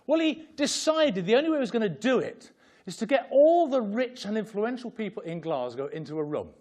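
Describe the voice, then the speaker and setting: A man's voice: sits high, fairly quick. Guy giving a fundraising talk, jokey and worked up, voice jumps all over. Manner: animated, joking and impassioned. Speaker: fundraising director presenting at a seminar. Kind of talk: humorous seminar talk. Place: conference room with an audience.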